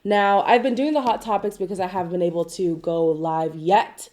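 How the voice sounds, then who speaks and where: A stuffy, nasal woman vlogger talking through celebrity news in a mellow, rounded tone. She chats casually, reads articles aloud and breaks off into quick asides, her pitch jumping up for emphasis. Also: steady tone. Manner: chatty, asides and hedges, swoops up in pitch for emphasis. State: sick with a stuffy nose. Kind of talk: casual chat to camera, reading articles aloud.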